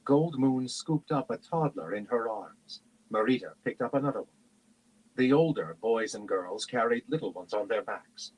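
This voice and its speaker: A man reads a fantasy novel aloud for a livestream audience. His voice is husky with a mid pitch. He narrates steadily and adds light expression. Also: animated, moderate pace, darkish tone, rough recording. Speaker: reader on a book stream.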